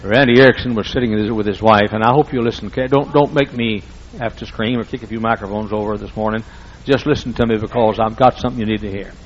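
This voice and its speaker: A pastor preaching to his congregation in a folksy, storytelling way, circling back and repeating his key words for emphasis. His voice sits at a middling pitch, and the recording sounds a little dull and muffled. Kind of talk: sermon.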